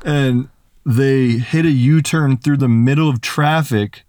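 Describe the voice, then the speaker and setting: A young man telling a story as a podcast guest, animated and full of "like" fillers. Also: medium pitch, takes it slowly. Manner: animated, filler-heavy retelling with lots of "like". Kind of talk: casual storytelling.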